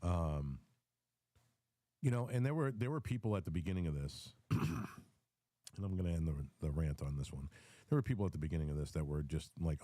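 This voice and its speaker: Deep, dark-voiced man ranting on politics. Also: animated, fairly quick, long pauses, no room sound. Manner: rambling, repeats words, frequent ums and restarts. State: has the hiccups. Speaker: host of a live audio space. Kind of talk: political commentary rant.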